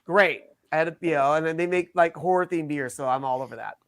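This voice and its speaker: A man co-hosting a casual podcast, chatty and joking, full of quick asides. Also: fairly high pitch, fairly bright tone, no echo. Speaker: podcast co-host. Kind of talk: casual chat.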